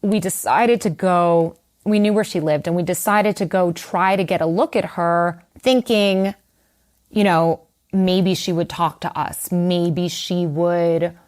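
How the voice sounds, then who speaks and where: Candid woman telling her story, low-pitched. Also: steady tone, takes it slowly, darkish tone. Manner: candid, conversational, lots of fillers and asides. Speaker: guest writer. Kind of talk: personal storytelling in an interview.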